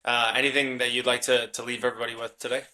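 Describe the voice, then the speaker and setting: A man hosting a podcast interview, upbeat and quick with affirmations and a sign-off. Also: mid-range voice, level tone, bright, forceful tone. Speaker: podcast host. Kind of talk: casual interview chat. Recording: echoey room, a bit off mic.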